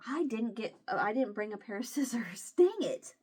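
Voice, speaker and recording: Emotional woman vlogger, halting speech. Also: on the high side, husky. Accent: Southern Illinois. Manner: halting, emotional, many restarts. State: near tears. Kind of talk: casual chat to camera.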